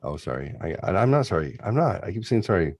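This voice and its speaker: Deep-voiced man ranting on a podcast. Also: sing-song, fast, a little mellow, breathy edge, dry recording. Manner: profane ranting. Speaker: podcast host. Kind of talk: casual chat, reading aloud. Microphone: close podcast mic.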